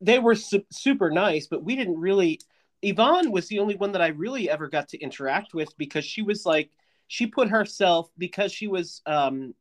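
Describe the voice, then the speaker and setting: A man's voice: high-pitched, lively intonation, normal speed. A man hosting a podcast in casual chat, playful and teasing with camp asides. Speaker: podcast host.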